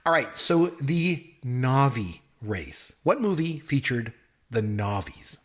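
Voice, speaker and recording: A man's voice: mid-range voice, sing-song, takes it slowly. A middle-aged man co-hosting a casual movie review podcast, joking and complaining with exaggerated gripes. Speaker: podcast co-host; professor.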